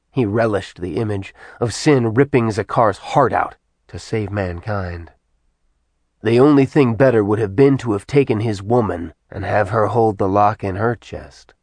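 A man reading a novel aloud in measured, even scripted narration. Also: lowish voice, dry recording. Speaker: audiobook narrator.

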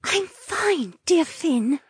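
A woman voicing a weak, gentle young mermaid with a raspy, hesitant voice in an audiobook. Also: very high voice, very animated, very slow, no echo, studio quality, exaggerated voice. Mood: confused. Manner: soft, breathy and hesitant.

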